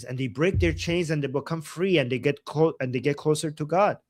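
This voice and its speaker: A man from Iran, hosting a livestream and talking in a heated, profane way that often rises to shouting. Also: a little high, dry recording. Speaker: host. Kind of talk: livestream commentary.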